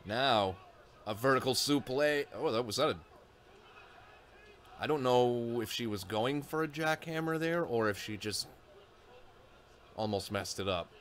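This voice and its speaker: A man's voice: mid-range voice, unhurried, long pauses, a bit bright, a little hiss or hum. A man casually reacting live to a wrestling match, thinking aloud with frequent fillers and side comments.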